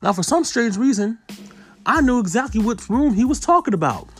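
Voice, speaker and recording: A man in his thirties casually telling viewers a story, swinging from hushed asides to loud exclamations. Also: very high voice, sing-song, normal speed, husky. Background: faint background music.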